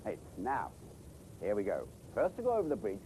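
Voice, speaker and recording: A man's voice: lowish voice, huge pitch swings, moderate pace, mellow, a little hiss or hum, poor audio. A man presenting children's TV, telling a story in a playful sing-song way outdoors by a pond.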